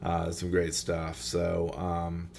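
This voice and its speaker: A man's voice: low voice, completely flat delivery, slow pace, vocal fry, a little mellow. A man hosting a casual solo podcast, rambling with many fillers and restarts while he is losing his voice. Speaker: podcast host. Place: fishing trade show.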